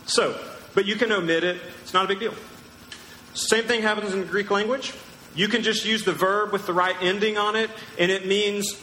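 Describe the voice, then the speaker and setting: In a large church hall with long, echoing reverb, a male pastor delivers an emphatic, teacherly sermon and puts questions to the crowd. His high voice is pushed and bright at a moderate pace, with slight background noise.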